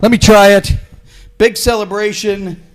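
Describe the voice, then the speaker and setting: Excitable high-voiced wrestling interviewer. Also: male voice, unhurried. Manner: excitable, hyped-up. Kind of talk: in-ring promo interview. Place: wrestling ring.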